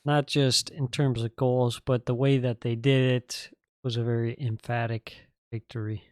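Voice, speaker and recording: A man co-hosts a football podcast, walking through matches in a relaxed, easygoing way with plenty of fillers. His voice sits at an ordinary middle pitch. The sound is dry and close, with no room around it. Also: a little slow, dry recording. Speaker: podcast co-host. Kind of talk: casual football match recap.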